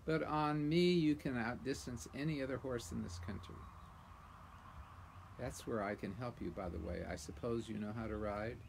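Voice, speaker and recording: A man's voice: medium pitch, normal speed, gravelly, slight background noise, natural voice. A man voicing a proud, haughty but kindly male talking warhorse in a storybook reading, in a lofty, scornful manner. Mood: persuasive. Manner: lofty, scornful, then gently patient.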